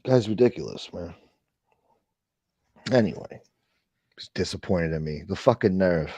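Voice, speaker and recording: A man's voice: low voice, animated, measured pace, dark tone, husky, no room sound. A man hosting a casual livestream chat, ranting with profanity and thanking viewers for donations. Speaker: livestream host.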